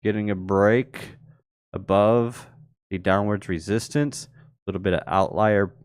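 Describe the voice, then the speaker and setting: A man's voice: fairly low pitch, measured pace, clear, resonant tone, dry recording, clean studio sound. A man hosting a live crypto market show, casually talking through charts and answering viewers in chat. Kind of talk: live chart analysis stream.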